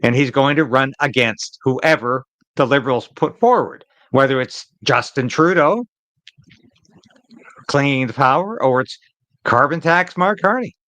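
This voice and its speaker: A man's voice: medium pitch, a little slow, sharp tone, no room sound, rough recording. Emphatic man hosting live political commentary. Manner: emphatic, repetitive, opinionated.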